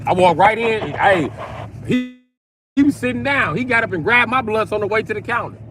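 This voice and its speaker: A man's voice: sits high, animated, normal speed. A man vlogging a blunt, profane rant from his car. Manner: blunt, crude, emphatic. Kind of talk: profane ranting monologue.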